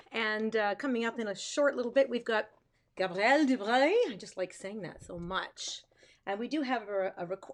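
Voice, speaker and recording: A woman music teacher hosting a live stream, chatting casually with self-amused asides. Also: medium pitch. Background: guitar music.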